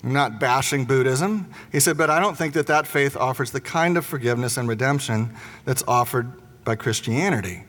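A man's voice: mid-range voice, moderate pace, fairly bright tone. A man preaching a sermon, telling a family story and acting out the voices in it. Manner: storytelling, acts out quotes. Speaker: pastor. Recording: long hall reverb.

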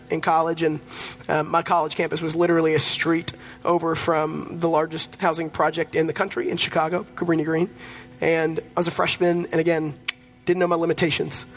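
High-voiced pastor preaching a sermon. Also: male voice, fairly bright tone. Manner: conversational storytelling with humor.

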